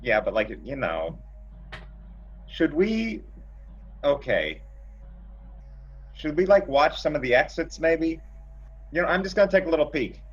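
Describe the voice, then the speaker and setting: A man's voice: fairly high pitch, very animated, unhurried, long pauses, slightly rough. A man player bantering in character in a tabletop game, bored and whiny, over a video call. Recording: dull video-call audio.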